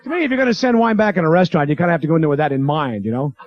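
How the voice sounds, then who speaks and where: A man performing a stand-up routine in a comedy club, slipping into quick character voices and chatting with the crowd. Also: a little high, expressive. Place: comedy club stage with live audience. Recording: dull lo-fi 1980s club tape.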